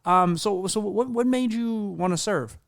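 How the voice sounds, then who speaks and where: Male podcast host, slightly high voice, loose rambling delivery, dry close mic. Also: a little slow, gravelly, fairly bright tone, no room sound. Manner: rambling, filler-heavy storytelling. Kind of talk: casual podcast interview.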